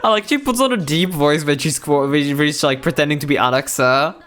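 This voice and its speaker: A man's voice: fairly high pitch, a little fast, a bit bright. A young man chatting casually while streaming a game, rambling with lots of fillers and restarts. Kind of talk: casual chat while gaming.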